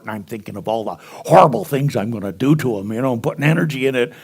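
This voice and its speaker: A minister with a medium-pitched, gravelly, husky voice preaches quickly and with few pauses. Addressing a spiritual center congregation, he tells stories, acts out the dialogue, and chuckles along the way.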